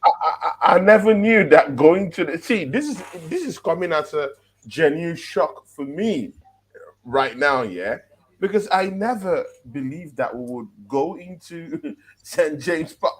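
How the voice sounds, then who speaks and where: A man's voice: a little high, a little slow, breathy edge. A man co-hosting a football chat show, talking casually and with lots of energy, often checking in with "yeah?" and "right?" and breaking into laughs. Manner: animated, laughing, walks through his argument with "yeah?" and "right?". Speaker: football podcast co-host.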